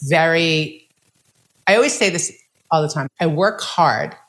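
A woman's voice: sits low, measured pace, a bit bright. A woman coach, a guest, telling her story in a casual, chatty way, often saying "like" and "right?". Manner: chatty, many fillers like "like" and "right?".

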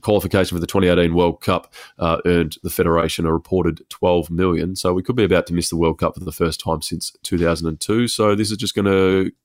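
A man on a football podcast, briskly delivering news items. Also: low voice, flat delivery. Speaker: podcast co-host. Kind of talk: sports news chat.

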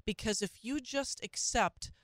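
A woman's voice: fairly high pitch, measured pace, dry recording, clean studio sound. A woman hosting a call-in talk radio show, speaking conversationally with frequent restarts and asides.

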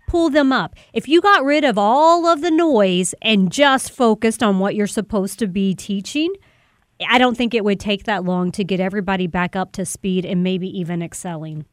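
A woman's voice: mid-range voice, moderate pace, no room sound, clean studio sound. Upbeat female radio co-host. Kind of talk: talk radio banter.

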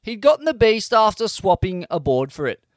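A man narrates a scripted story in a high, smooth, resonant voice. His delivery is measured and steady. The close mic gives a dry, upfront sound. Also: no echo. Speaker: podcast narrator.

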